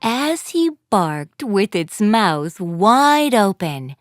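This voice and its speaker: A woman narrating a children's story in a gentle, expressive way. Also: mid-range voice, very slow. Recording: faint background music.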